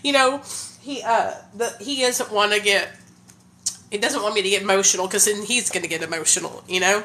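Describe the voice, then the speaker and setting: A woman talking in a casual live stream on her phone, energetic and hyped, saying "like" and "y'all" a lot. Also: medium pitch, a little fast. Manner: heavy use of "like" and "y'all".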